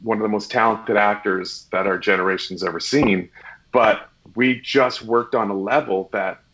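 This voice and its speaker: A man with a fairly low voice talks as an interview guest about his acting work. He tells stories with energy and acts out the quoted lines. The recording sounds dull and a little lo-fi. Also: normal speed. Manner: animated storyteller, acts out quoted dialogue. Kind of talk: casual interview chat.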